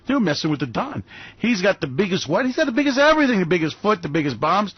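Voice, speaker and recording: A man's voice: high voice, lively intonation, brisk, dry recording, dull audio. A man hosting a finance radio show in a sarcastic, theatrical, mock-gushing way. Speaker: host.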